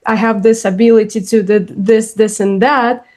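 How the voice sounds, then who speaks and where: A woman's voice: a little high, fairly even intonation, moderate pace, darkish tone. A woman podcast host responding to her guest with effusive appreciation. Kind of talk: interview conversation.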